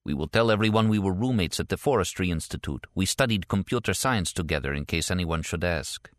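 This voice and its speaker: A man voicing a thin male spy contact who mumbles in a low, guarded way, in an audiobook. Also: animated, a little fast, no echo, studio quality. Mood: conspiratorial. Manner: low, murmured.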